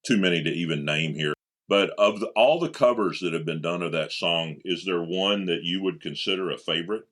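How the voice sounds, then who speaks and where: A man's voice: low-pitched, brisk, a bit bright. A man hosting an interview, asking enthusiastic, well-prepared questions. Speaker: interview host.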